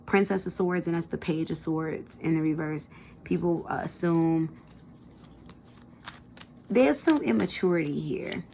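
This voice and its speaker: A woman's voice: deep voice, unhurried, vocal fry, long pauses, warm tone, a little hiss or hum. A woman giving a casual pick-a-card tarot reading, chatty and colloquial, talking straight to her viewers. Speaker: tarot reader.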